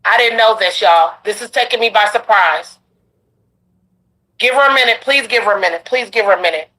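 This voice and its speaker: A woman's voice: medium pitch, fairly quick, sharp tone, poor audio. A woman hosting a talk show who soothes her guest and talks to the audience, repeating herself. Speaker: host.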